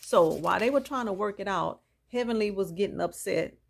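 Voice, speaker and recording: With vocal fry in her mid-range voice and a slightly fast pace, a woman chats through a reality show recap. She's opinionated and gossipy, speaking right to her viewers and adding reactions.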